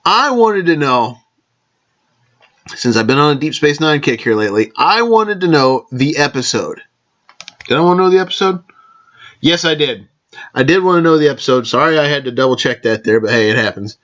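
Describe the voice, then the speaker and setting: A man with a high, bright, forceful voice chats casually as a vlog host. He rambles, corrects himself mid-sentence and raises toasts to his listeners. The recording sounds dull and lo-fi. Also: expressive, normal speed. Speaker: podcast host.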